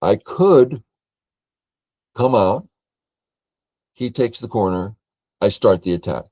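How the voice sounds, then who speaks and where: An older man from California reviewing a board game as a teacher, thinking aloud in a slow, matter-of-fact way. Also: lowish voice, lively intonation, darkish tone, no echo.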